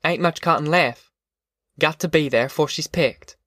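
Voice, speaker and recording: A man voicing a weary, determined migrant farm mother who gives brisk orders. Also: on the high side, fairly bright tone, no room sound, clean studio sound, voice pushed up. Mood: brisk, commanding. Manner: brisk, commanding.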